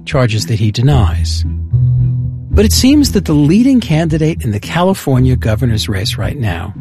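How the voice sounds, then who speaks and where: A man in his sixties hosting a radio interview, explaining the story in a measured way before questioning his guest. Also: mid-range voice. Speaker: radio host.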